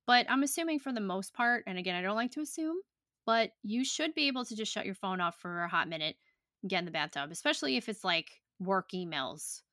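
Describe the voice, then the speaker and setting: A woman's voice: mid-range voice, expressive, a little fast, sharp tone, no echo. A young adult woman hosting a podcast in casual chat, blunt and profane with lots of fillers, talking on a close podcast mic. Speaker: podcast host.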